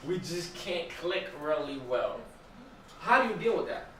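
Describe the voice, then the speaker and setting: A man's voice: fairly high pitch, expressive, a little slow, noisy background. A young man giving a casual Bible study talk at church, chatty and asking the group questions. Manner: conversational, asks the room questions. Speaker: church teacher. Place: church hall. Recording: echoey room, mic far off.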